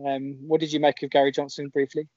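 A man's voice: fairly high pitch, monotone, fast, darkish tone, no echo, highs cut off. A man hosting a casual interview, easygoing and reflective as he steers the chat. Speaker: podcast host.

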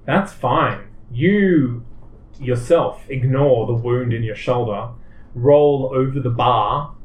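Game master with a roomy echo. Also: male voice, medium pitch. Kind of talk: narrating a tabletop game.

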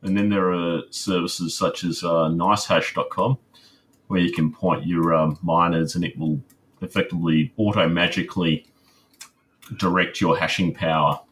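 A man answering interview questions in a measured, explanatory way, with many pauses and ums. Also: deep voice, fairly even intonation, fairly bright tone, a little hiss or hum. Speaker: guest, crypto miner.

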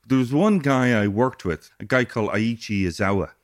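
A man's voice: mid-range voice, expressive, fairly quick. Man telling a studio anecdote. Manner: frequent short agreeing backchannels. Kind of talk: casual chat.

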